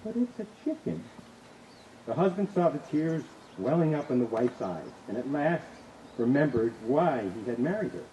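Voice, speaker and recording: A man officiating an outdoor wedding, telling a story in a relaxed, lightly joking way. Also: medium pitch, moderate pace, a little hiss or hum, low-quality recording. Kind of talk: wedding ceremony address. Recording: outdoor ceremony with insects and birds.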